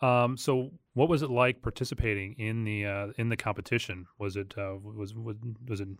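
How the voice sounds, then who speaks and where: Male interviewer, low pitch, dry close sound, casual and halting. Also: steady tone, dry recording. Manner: conversational, halting questions. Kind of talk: interview questions.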